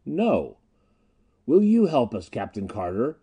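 Man reading as a sardonic space pirate leader, mocking, persuasive, mellow voice, storybook reading. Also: mid-range voice, huge pitch swings, slow pace, slightly rough, heavily acted.

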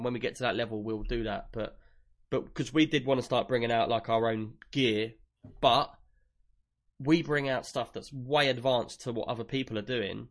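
A man with an English accent co-hosting a casual tech chat show, chatty and jokey, reading listener questions aloud. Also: medium pitch. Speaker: podcast co-host.

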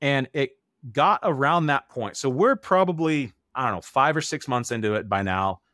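A man's voice: mid-range voice, expressive, moderate pace, fairly bright tone, no room sound. Earnest man telling his story, dry sound. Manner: earnest, acts out remembered quotes. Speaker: interview guest. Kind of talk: candid personal storytelling.

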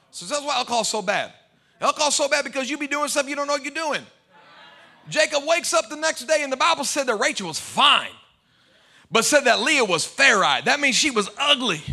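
A man preaching a sermon as pastor to a congregation, animated and humorous, swinging between loud outbursts and quiet asides. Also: very high-pitched, vocal fry. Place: church before a live congregation.

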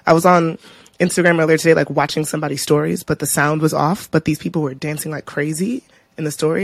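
Woman podcast co-host, gravelly voice, dry close sound, expressive casual chat. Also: sits low, fast talker, dry recording. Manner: expressive, animated storytelling.

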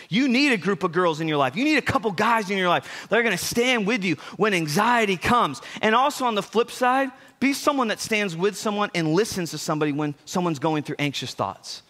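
Bright-voiced young male preacher. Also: sits high. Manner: conversational, animated preaching with asides. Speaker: pastor. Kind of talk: sermon.

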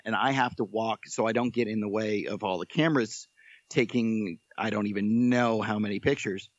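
A man guest on a podcast telling a story in a casual, animated, joking way. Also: lowish voice, moderate pace, dry recording, lo-fi sound.

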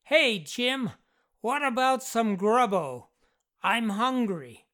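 A rude little talking mongoose spirit, male and boastful, shrieking insults in a high, piercing voice. The shouting jumps well above an ordinary speaking pitch, as the storyteller puts it on. The delivery is loud and cheeky. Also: animated, takes it slowly. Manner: shrill, screaming insults.

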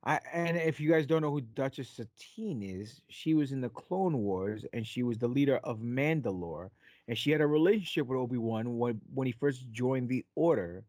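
A man's voice: mid-range voice, expressive, normal speed, darkish tone, no room sound. A man hosting a casual podcast, rambling and telling jokes with plenty of fillers. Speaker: podcast host.

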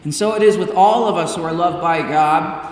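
Delivered with deliberate, emphatic pacing and heavy use of pauses, this sermon comes from a pastor whose voice sits a little high. The recording is distant and roomy, catching the long reverb of an echoey church hall.

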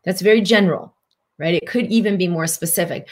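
Middle-aged woman, spiritual teacher, live talk, low-ish pitch, lively with acted asides. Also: fairly quick. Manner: animated, acts out inner voices.

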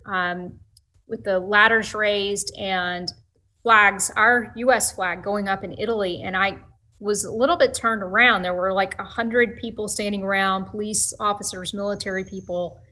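A woman on a talk show telling a story in a relaxed, reflective way. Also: medium pitch, normal speed, poor audio. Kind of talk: casual storytelling.

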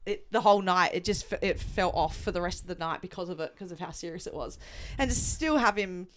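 A woman's voice: lowish voice, a little fast. A woman co-hosting a podcast, chatting casually and retelling events with quoted asides. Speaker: podcast co-host. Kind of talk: casual chat.

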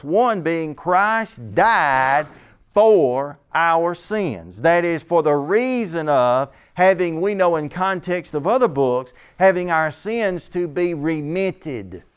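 Man preaching a measured sermon, smooth voice. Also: fairly high pitch. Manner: slows and stresses key scripture phrases; reads scripture aloud, then explains it.

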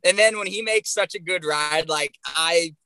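Animated, foul-mouthed young man with a bright, high voice. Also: normal speed, a little hiss or hum, rough recording. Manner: animated, swears constantly. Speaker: guest, pro bull rider. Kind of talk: profane storytelling on a podcast.

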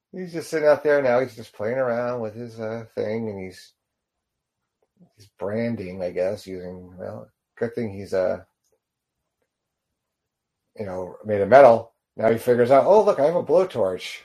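A man with a fairly low voice talks casually through a short film as he watches it. He rambles and halts often, filling his pauses with ums and uhs. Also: creaky, mellow. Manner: rambling, halting with many fillers. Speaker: video reactor. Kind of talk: casual reaction commentary.

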